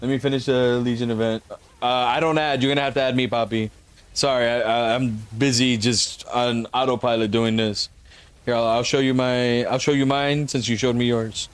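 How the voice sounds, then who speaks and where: A relaxed man talks through his live game stream. He jokes around and curses casually, in a flat, somewhat bothered-sounding tone. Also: medium pitch, normal speed, clear, resonant tone. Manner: laid-back, joking, swears freely. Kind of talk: casual live-stream chat while gaming.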